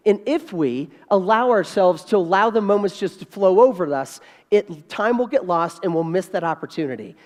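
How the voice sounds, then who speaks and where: High-voiced man telling a story in a hall. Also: moderate pace, few pauses. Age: about 50. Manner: animated, repeats key phrases for emphasis. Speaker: keynote speaker. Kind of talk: storytelling keynote speech. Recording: reverberant hall.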